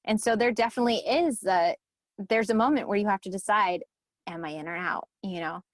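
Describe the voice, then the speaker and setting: A woman of medium pitch talks as a podcast guest in a casual, heartfelt way, sometimes softening her voice to a hush. The sound is dry and close. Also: a little fast, no echo. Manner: warm, earnest, softens to near whispers when moved. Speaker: guest, event organizer. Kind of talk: casual conversational interview.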